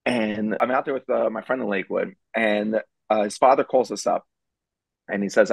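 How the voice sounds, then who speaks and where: A middle-aged man, a rabbi telling a story on a charity broadcast panel, casual and animated, with many fillers. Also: fairly low pitch, a little fast, gravelly, breathy edge, dry recording, rough recording. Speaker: rabbi and parenting speaker.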